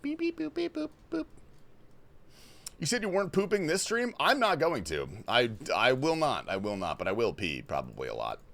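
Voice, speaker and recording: With a fairly quick, slightly bright mid-range voice, few pauses and wildly swooping pitch, a young man from Australia hosts a relaxed gaming livestream. Over headphones and a desk mic, he reads out chat questions and answers them loosely, swearing a lot.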